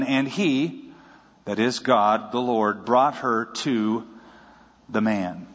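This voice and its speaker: A pastor delivers his sermon in a fairly high, husky voice, and he tells it in a lively way with a good deal of humor. The recording sounds dull and muffled, and a long reverb rings around him as if he stands in a large hall. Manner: lively storytelling with jokes.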